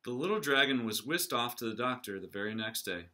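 A man, a teacher, reading a picture book aloud in an animated storytelling voice, close to the camera. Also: medium pitch, brisk. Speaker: reader, teacher.

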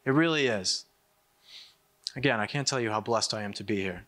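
A man's voice: fairly low pitch, a bit bright. A young American man giving an emphatic political speech to an audience, repeating words as he builds his points. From United States. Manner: emphatic, repeats himself, quick asides. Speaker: conference speaker.

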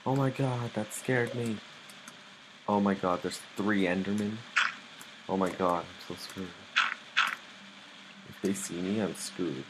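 A man's voice: low-pitched, slow pace, pauses often, noisy background. A young man commentating his own live gameplay, easily startled and muttering nervously to himself. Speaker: gamer playing live.

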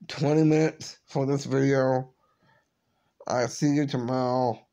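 Man, tearful, slow delivery, halting, repeats words, subdued vlog talk. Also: medium pitch, fairly even intonation, mellow, muffled recording. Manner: apologetic, subdued. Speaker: vlogger. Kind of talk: emotional personal vlog.

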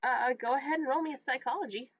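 A woman narrating a tabletop horror game as game master, with relaxed fillers. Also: high voice, racing, dry recording. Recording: dull, dry lo-fi mic.

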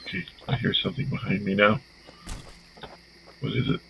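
A man's voice: on the low side, steady tone, moderate pace, creaky, muffled recording, slight background noise. A man giving let's-play commentary on a horror game, jumpy and swearing, talking to himself as he plays. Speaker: gaming YouTuber.

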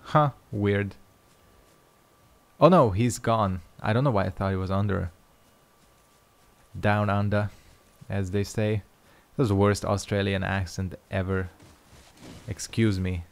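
A young man hosting a gaming video comments casually on his own play in an unhurried, creaky voice on the low side. He swears freely and jokes to himself as he goes.

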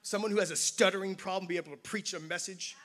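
A man's voice: sits high, fairly even intonation, fast talker, fairly bright tone. A man preaching a sermon as pastor, telling a personal story with self-deprecating humor. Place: church campus service.

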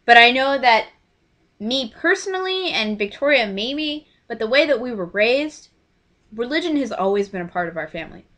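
Young woman vlogging a story time, bright clear voice, gets all animated acting out the quotes. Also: on the high side, normal speed. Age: 20s. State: choked up. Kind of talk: casual storytelling.

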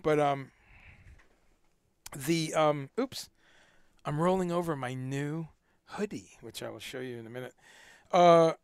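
A man's voice: on the high side, a little slow, long pauses, clear, resonant tone, no room sound, clean studio sound. A man hosting a casual livestream, rambling and repeating words as he talks, now and then swearing. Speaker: livestream host.

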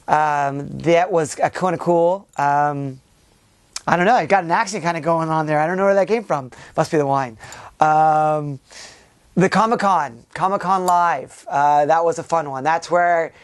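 A man's voice: on the high side, normal speed, clear, resonant tone. Man, vlog host, casual year-end chat, rambling, many filler sounds, restarts sentences, grateful tone. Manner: warm and grateful toward viewers. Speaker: YouTube channel host.

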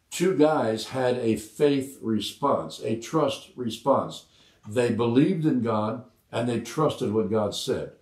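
Pastor preaching in an echoey room. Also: male voice, mid-range voice. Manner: conversational, retelling scripture with many fillers. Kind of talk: sermon.

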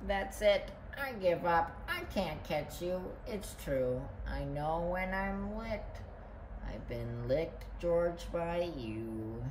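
A man voicing a frantic woman chasing her runaway dog, with high shrill calls in a storybook reading. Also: wildly swooping pitch, drawn-out words, creaky, hardly any pauses, echoey room, a little hiss or hum, heavily acted, rough recording. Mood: defeated. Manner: high shrill calls, then low defeated sighs.

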